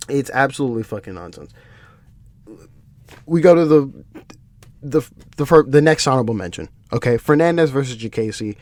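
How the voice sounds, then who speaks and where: A man's voice: mid-range voice, expressive, normal speed, long pauses, no room sound. A man hosting a solo podcast, ranting with exasperation, swearing and often restarting his sentences. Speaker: podcast host. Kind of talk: solo MMA podcast commentary.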